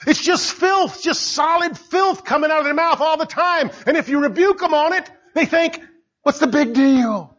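An older man preaching a sermon as pastor, emphatic and rising to shouts. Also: extremely high pitch, moderate pace, few pauses. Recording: dull lo-fi recording.

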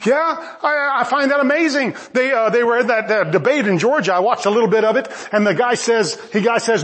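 Male preacher, high-pitched, animated and emphatic, sermon delivery with playful asides. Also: brisk, hardly any pauses.

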